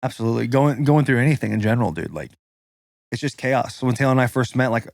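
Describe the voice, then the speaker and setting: A man's voice: mid-range voice, fast, vocal fry, a little mellow, no echo, studio quality. A man in his thirties, a podcast host, telling a personal story in a loose, casual way, swearing and saying "like" constantly. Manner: loose and profane, full of "like" fillers.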